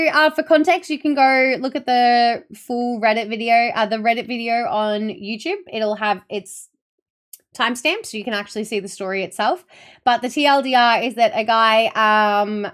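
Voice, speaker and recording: A woman's voice: on the high side, a bit bright. A woman streamer chatting casually with her viewers, telling rambling stories with plenty of swearing. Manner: rambling, profane storytelling; reads and answers chat messages. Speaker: Twitch streamer.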